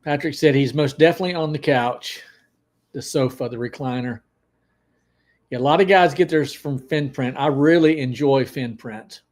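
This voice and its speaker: A man hosting a casual livestream, chatting and greeting viewers by name with excitable energy. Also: medium pitch, normal speed. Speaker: livestream host.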